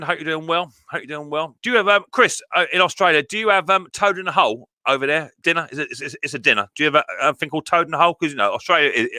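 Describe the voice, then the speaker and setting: A middle-aged man hosts a live stream from home, greeting viewers and chatting away cheerfully. He talks fast in a bright, forceful voice. The sound is dry and close, with no room echo. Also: fairly high pitch. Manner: chatty, cheerful, reads viewer comments aloud. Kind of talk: casual live stream chat.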